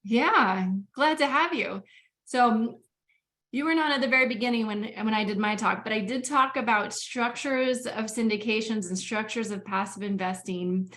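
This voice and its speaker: A woman's voice: a little high, normal speed, fairly bright tone. A woman hosting a webinar over a video call, talking in a chatty, friendly way with frequent "um" fillers. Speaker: webinar host.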